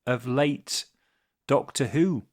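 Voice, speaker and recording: A man's voice: medium pitch, takes it slowly. A man co-hosting a podcast, bantering in a jokey, self-deprecating way. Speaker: podcast co-host. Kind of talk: casual podcast chat.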